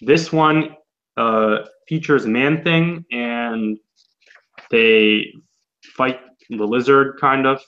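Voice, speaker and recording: A man in casual podcast chat, unhurried and rambling, trailing off into fillers. His voice sits in a middle pitch. The recording is dull and a little lo-fi. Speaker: podcast co-host.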